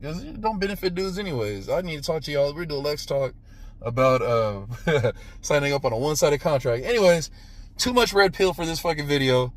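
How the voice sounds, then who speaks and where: Profane man retelling a film, boom effects. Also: fairly quick. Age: 30s. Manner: animated, profane, says "right?" constantly; makes "boom" sound effects while retelling. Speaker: movie reviewer. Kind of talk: casual movie review.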